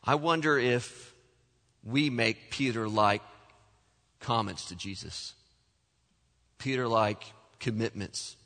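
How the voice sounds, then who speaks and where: A man preaching a sermon as pastor, animated, acting out the voices he quotes. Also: medium pitch, takes it slowly, pauses often. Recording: long hall reverb.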